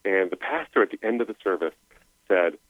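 Low-voiced guy, emotional storytelling, tinny phone call sound. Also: expressive, brisk, no echo. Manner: earnest, emotional storytelling with restarts. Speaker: guest. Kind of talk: personal testimony. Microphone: phone line.

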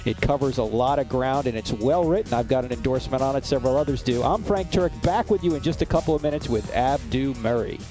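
A middle-aged man hosting a radio talk show, interviewing a guest and reading promotions in a brisk announcer style. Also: mid-range voice, over music.

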